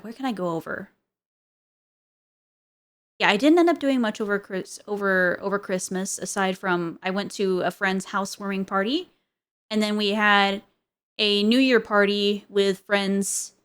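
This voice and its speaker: A woman's voice: mid-range voice, fairly bright tone. A woman streamer in casual chat, rambling with many fillers and frequent giggles.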